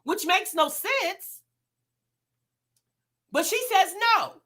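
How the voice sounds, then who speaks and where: Bright-voiced woman hosting a chatty reaction vlog. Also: extremely high pitch, lively intonation, drawn-out words. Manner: chatty, addresses viewers directly, rhetorical questions. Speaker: reaction channel host. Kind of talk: casual reaction commentary.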